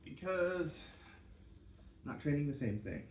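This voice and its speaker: Speaking at a measured pace, this young man from Canada has a slightly high, expressive and somewhat mellow voice. He's vlogging a workout in a room at home at night, bantering with himself between sets, captured by a distant, roomy mic with a faint hum behind it.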